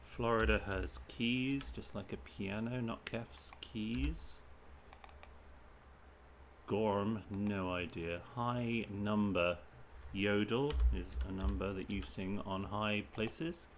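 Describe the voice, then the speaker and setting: A man from the UK reads crossword clues aloud at an unhurried pace and mutters guesses in short bursts. His voice sits on the low side. Faint keyboard typing and room noise sit behind him at a home desk. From United Kingdom. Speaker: streamer solving crosswords. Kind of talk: thinking aloud while solving.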